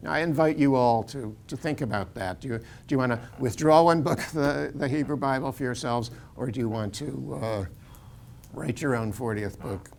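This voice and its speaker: A man's voice: mid-range voice, normal speed, vocal fry, a little mellow, slight background noise. An older American man lecturing as a university professor in a casual, digressive way, chuckling often and restarting his sentences. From United States.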